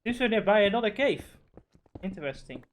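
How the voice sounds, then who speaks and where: High-voiced man, excitable and sweary. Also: brisk, a little hiss or hum. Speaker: streamer. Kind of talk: casual gaming chat.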